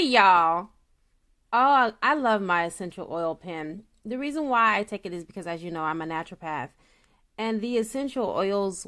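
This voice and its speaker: A woman reading tarot for her viewers, a naturopath who talks in an excitable, chatty way straight to the audience and slips into a solemn tone for invocations. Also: mid-range voice. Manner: solemn invocation voice when calling spirits.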